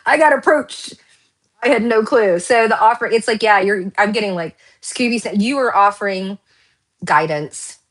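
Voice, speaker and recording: A woman giving a casual pick-a-card tarot reading, rambling and excitable, laughing often and drifting into tangents. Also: mid-range voice, a little slow.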